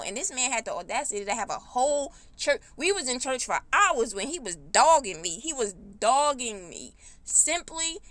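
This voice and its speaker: A woman hosting a podcast, telling a personal story in a blunt, heated, animated way with speech. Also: on the high side, dry recording. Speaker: podcast host. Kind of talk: casual storytime monologue.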